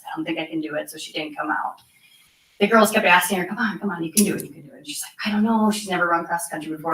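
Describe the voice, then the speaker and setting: A young woman cross country coach telling an animated story at a school board meeting. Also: lowish voice. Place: meeting room. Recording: echoey room from far off.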